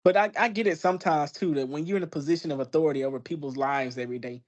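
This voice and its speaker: A man's voice: on the high side, rapid-fire, a little mellow, highs cut off. A man co-hosting a podcast in casual chat, laid-back and profane, often chiming in with agreement. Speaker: podcast co-host.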